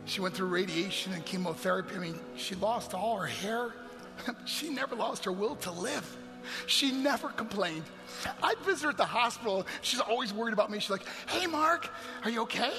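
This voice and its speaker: A man telling an emotional personal story to an audience in a large hall, earnest and sometimes dropping to hushed near-whispers. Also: high-pitched, moderate pace. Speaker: motivational speaker. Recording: long hall reverb, faint music.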